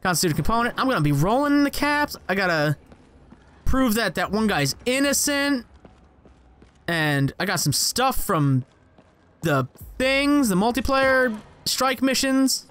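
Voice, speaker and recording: A young man commentating his gameplay, excitable and sarcastic, swearing and talking back at the game. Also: extremely high pitch, a little slow. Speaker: let's play gamer.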